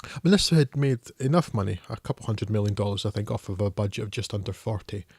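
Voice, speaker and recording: A man's voice: fairly low pitch, fast, a little mellow, slightly rough, no echo, studio quality. A man co-hosting a film podcast, talking in a wry, hesitant way with many fillers. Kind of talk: casual film discussion.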